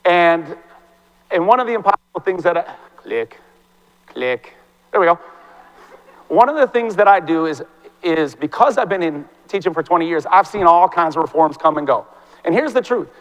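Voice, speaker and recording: A man in his forties, a teacher giving an animated, fast, impassioned talk on stage in a large hall. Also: sits high. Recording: long reverb from a large hall.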